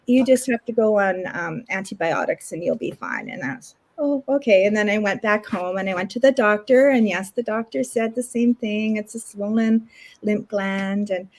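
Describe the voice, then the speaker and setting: A middle-aged woman from Canada, telling a personal story in a casual, animated way as an interview guest. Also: mid-range voice, normal speed. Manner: animated retelling with lots of acted quotes.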